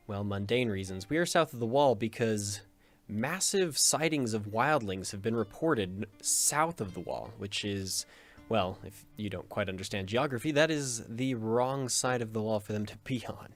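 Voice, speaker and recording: A man's voice: fairly low pitch, moderate pace, faint music behind. A man hosting a gaming video in casual let's play commentary, joking and rambling, often cutting himself off with a chuckle.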